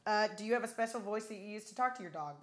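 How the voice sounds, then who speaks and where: A woman co-hosting a live music show, chatting playfully and laughing easily between quick quips. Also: medium pitch, lively intonation, crowd noise. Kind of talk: casual on-air chat.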